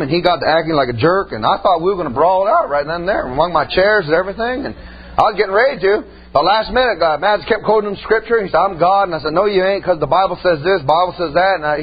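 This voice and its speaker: High-voiced, folksy preaching man. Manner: emphatic, colloquial, rising to shouts. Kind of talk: folksy storytelling sermon. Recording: slightly muffled with faint hum.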